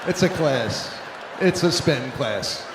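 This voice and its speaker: A man doing stand-up comedy, telling stories in an animated, exasperated way before a live audience. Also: mid-range voice, takes it slowly, creaky. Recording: echoey hall with live crowd and noise. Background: audience laughter.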